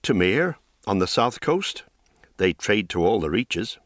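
A man's voice: fairly low pitch, sing-song, unhurried, fairly bright tone, dry recording. A man voicing a cautious, earnest young male prince who speaks politely and carefully, in a dry, close recording.

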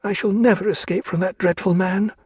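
A man's voice: high voice, fairly even intonation, brisk, darkish tone, breathy edge, dry recording, studio quality, pitched above the performer's own voice. A man voicing an anxious, defiant aristocratic woman who mutters agitated outbursts from her sickbed, in a storybook reading. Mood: fierce, fearful.

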